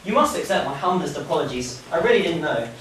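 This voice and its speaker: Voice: mid-range voice, lively intonation, fast talker, fairly bright tone, natural voice. A performer playing a good-natured, bumbling knight in a school stage play, recorded from far off in an echoey hall. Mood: meek. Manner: bumbling, jokey. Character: bumbling newly made knight, a man, good-natured and dim.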